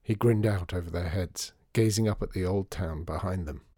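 Male narrator, low voice, dry close read, measured and wry. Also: dark tone, no room sound. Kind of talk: storybook narration.

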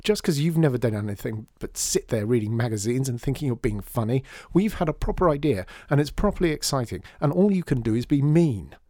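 A man's voice: medium pitch, lively intonation, brisk, hardly any pauses, darkish tone, dry recording, studio quality, pitched above the performer's own voice, lightly acted. A man voicing an upset little girl scolding someone in a storybook reading. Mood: indignant.

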